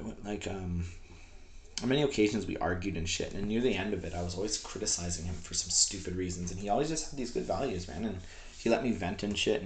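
A man in his twenties from Canada, rambling frankly and profanely in a personal audio diary. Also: low-pitched. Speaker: vlogger.

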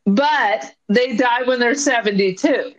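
A woman co-hosting a podcast, talking through a movie in animated, indignant casual chat and acting out characters' lines. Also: fairly high pitch, takes it slowly, lo-fi sound, faint music behind. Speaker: podcast co-host.

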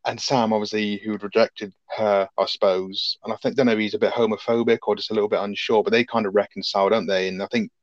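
A lower-pitched man chatting loosely about a film, sprinkling in swearing and laughs. His voice sits close and dry with no room around it, and the sound is a little dull and lo-fi. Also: flat delivery, quick pace, few pauses, no room sound. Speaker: podcast co-host. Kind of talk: casual film review chat.

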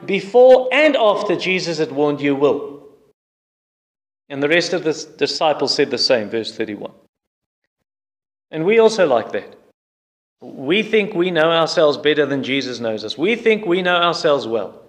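A man's voice: on the high side, animated, moderate pace. A man preaching a sermon in an earnest, explanatory way.

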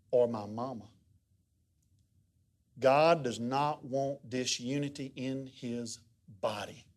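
Here the middle-aged preacher spins his sermon as folksy, chatty storytelling, his pitch moving up and down vividly.

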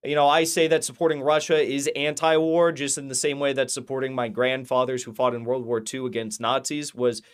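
A man's voice: mid-range voice, little pitch movement, a little fast, few pauses, smooth. A man hosting his own commentary channel, ranting casually and heatedly, with lots of restarts and swearing. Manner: rambling, heated, profane, many restarts. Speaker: political commentary channel host.

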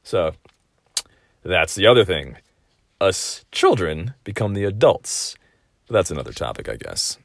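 Deep-voiced profane man ranting animatedly. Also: measured pace, pauses often, no echo, clean studio sound. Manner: profane, rambling, wildly animated. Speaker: podcast host. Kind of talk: casual comedic monologue. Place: at home.

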